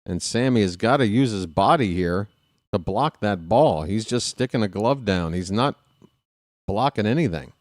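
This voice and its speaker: A man streaming casual live baseball play-by-play, chatting with viewers and reading out their names between pitches. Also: animated, normal speed, no echo, clean studio sound. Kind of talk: live play-by-play with chat shout-outs.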